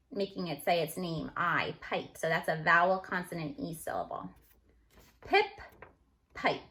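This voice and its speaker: A woman teacher going over a phonics lesson on a video call, slowly sounding out letters and words. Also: fairly low pitch, a bit bright. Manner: slow, deliberate, sounds out each letter. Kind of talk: recorded phonics lesson review.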